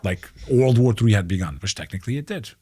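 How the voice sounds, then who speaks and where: A middle-aged American man speaks with fierce conviction on a podcast, his voice sitting low and steady. He punches his points hard, curses freely and keeps calling his listener "bro". The sound is close and dry, with no room in it. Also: fast, breathy edge, no echo. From United States. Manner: heated, emphatic, profane, keeps saying "bro". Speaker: podcast guest. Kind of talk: impassioned podcast talk.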